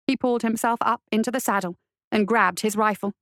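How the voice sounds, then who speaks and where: Higher-voiced woman narrating a story. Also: fairly quick, dry recording, clean studio sound. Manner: steady storytelling. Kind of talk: audiobook narration.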